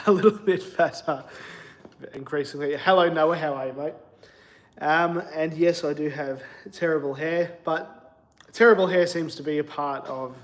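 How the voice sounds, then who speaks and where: An Australian man live streaming from his cold home shed on a phone, chatty and self-deprecating as he greets viewers. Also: on the high side. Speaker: car channel host. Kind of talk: casual live stream chat.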